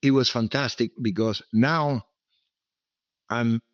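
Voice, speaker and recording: A Cuban businessman in his seventies, whose first language is Spanish, tells rambling, repetitive stories as an interview guest, often stopping with emphatic asides like "okay?" His Cuban Spanish accent colors a mid-range voice that moves slowly. The recording has no echo but sounds muffled.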